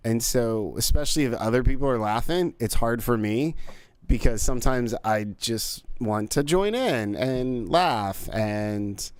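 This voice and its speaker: A man co-hosting a live podcast in casual chat, easygoing and quick to laugh. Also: mid-range voice, animated, clear, resonant tone, no room sound. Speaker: podcast co-host.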